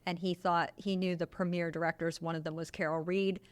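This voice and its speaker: A woman's voice: on the low side, level tone, brisk. A woman hosting a podcast, casually retelling an old film's story with many asides and tangents. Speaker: podcast host. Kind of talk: casual film discussion.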